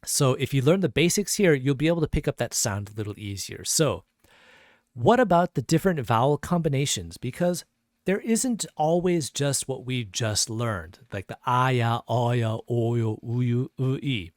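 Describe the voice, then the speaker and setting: A man's voice: fairly high pitch, no echo, studio quality. A man teaching a pronunciation lesson, patiently repeating each sound several times. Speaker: language teacher.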